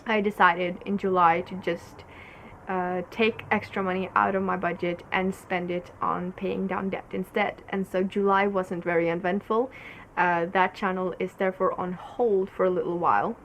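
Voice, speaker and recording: A woman's voice: lowish voice, steady tone, moderate pace, a little hiss or hum. A young woman from Norway, hosting a casual knitting podcast in a rambling, giggly way, full of fillers. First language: Norwegian. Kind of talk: casual solo podcast chat.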